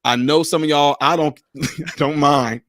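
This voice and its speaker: A man hosting a livestream, telling stories in a lively, casual way and laughing often. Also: on the high side, unhurried, dry recording, studio quality. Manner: animated storyteller, laughs often. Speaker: livestream host.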